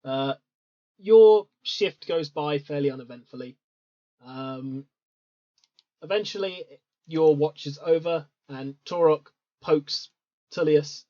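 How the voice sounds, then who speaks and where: A game master narrating a tabletop game in an easygoing way, with many pauses and ums. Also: medium pitch, warm tone. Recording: dull lo-fi recording.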